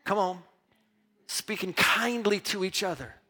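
A man preaching a sermon as pastor, emphatic and lively, mixing Bible reading with personal stories told with restarts. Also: high-pitched, measured pace. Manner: repeats words and restarts when telling stories.

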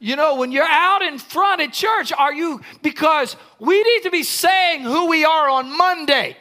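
An older man preaching a sermon, his voice pitched very high for a man. His tone is bright and forceful, and he leans into emphatic, shouted lines. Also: unhurried. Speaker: pastor.

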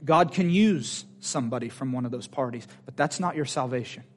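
A man's voice: mid-range voice, a little fast. A man preaching a sermon in church, fervent and emphatic, repeating his lines for force. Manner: fervent, emphatic, repetitive exhortation.

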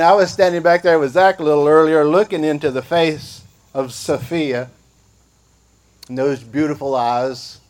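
Older male pastor, high-pitched and unhurried, folksy conversational sermon. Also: darkish tone. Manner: folksy, conversational preaching with acted-out quotes; slow and drawn out.

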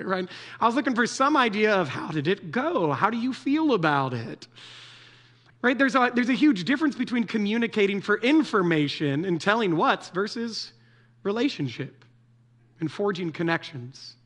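A man's voice: high-pitched, lively intonation, moderate pace, fairly bright tone. A man preaching a conversational sermon to a congregation, joking and often checking in with "right?". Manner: casual, joking, asks the audience "right?" often.

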